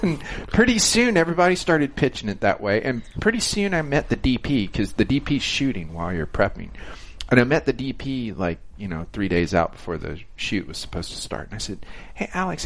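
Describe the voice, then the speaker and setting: Animated man telling a set story. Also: medium pitch. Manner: animated storyteller, acts out quotes, laughs often. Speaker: TV director. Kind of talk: casual anecdote on a panel.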